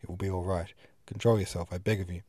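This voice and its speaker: A man's voice: sits low, flat delivery, fast talker, mellow, no room sound, clean studio sound. A man reading as a genial old pastor. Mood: earnest. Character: elderly male pastor telling an old story.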